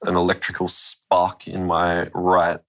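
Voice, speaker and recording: A man's voice: sits low, monotone, unhurried, gravelly, fairly bright tone. A young man telling a story in a casual interview, laid-back and swearing freely.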